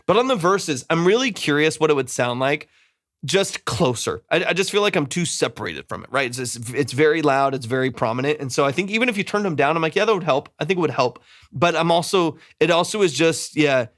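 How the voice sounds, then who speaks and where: Brisk and expressive, a man with a fairly high, fairly bright voice gives casual live mix critique as a music producer. He hedges, repeats himself and hums parts using da-da sounds; the studio recording is clean with no echo.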